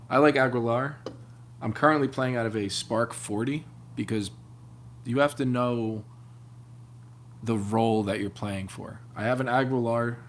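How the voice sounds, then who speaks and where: A man in his late thirties hosting a live stream, chatting casually in a rambling, laid-back way with plenty of swearing. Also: slight background noise. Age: 30s. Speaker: livestream host, bassist. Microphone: open-air room mic. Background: loud bass playing.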